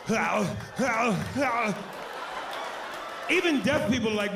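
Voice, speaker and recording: A male stand-up comedian telling loud, animated jokes on a club stage into a handheld mic, with a noisy live recording. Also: very high voice, slow, creaky, pauses often, crowd noise. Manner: loud, animated, shouting punchlines.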